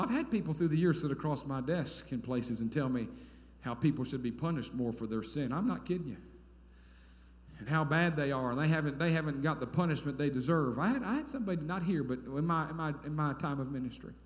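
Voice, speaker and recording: A pastor in his 30s with a mid-range voice preaches a sermon in folksy storytelling style, dropping to quiet asides and rising to loud, emphatic bursts. The recording has the echo of a large hall.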